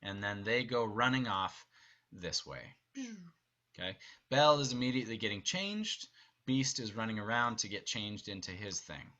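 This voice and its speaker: A man with a bright, forceful voice directs an online rehearsal, talking his cast through where each character stands and moves. He keeps an upbeat, instructive tone over a video call. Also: on the low side, expressive, normal speed. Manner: upbeat, instructive, briefly acts out lines. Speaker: theater director.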